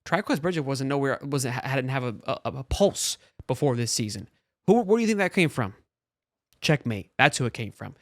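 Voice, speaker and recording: A man hosting a sports talk show, talking in a casual, animated way with frequent restarts. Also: medium pitch, no room sound, clean studio sound. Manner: animated, talks fast with restarts.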